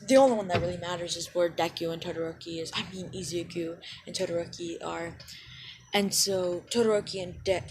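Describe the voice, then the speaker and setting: A woman's voice: on the low side, a little hiss or hum, poor audio. A young woman casually retelling a fan story, rambling and often correcting and apologizing for herself.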